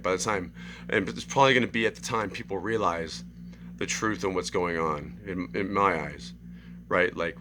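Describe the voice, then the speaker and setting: A man's voice: lowish voice, slight background noise. A young man rambling through a story in a casual monologue, often asking "right?". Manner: animated, acts out screams and quotes. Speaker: vlogger.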